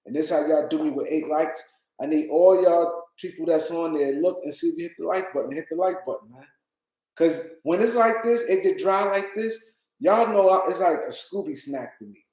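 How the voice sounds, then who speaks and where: A man's voice: fairly high pitch, moderate pace, a little mellow. Tired, rambling man in an echoey room. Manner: loose, rambling, talks to chat, repeats himself. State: tired, yawning. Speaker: livestream host. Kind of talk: casual livestream chat.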